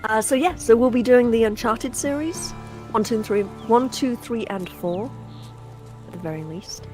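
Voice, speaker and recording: A woman's voice: on the high side, normal speed, darkish tone, faint music behind. A woman from Yorkshire with a Yorkshire accent, co-hosting a game stream, chatty and teasing as she reads out chat. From Yorkshire, England. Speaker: co-host. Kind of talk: casual stream chat, reading chat aloud.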